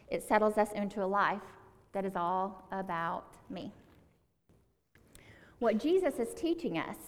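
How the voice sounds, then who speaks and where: Female preacher, earnest and conversational, slows for emphasis, mid-pitched, hall reverb. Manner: earnest, conversational, stresses words by slowing down. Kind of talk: sermon.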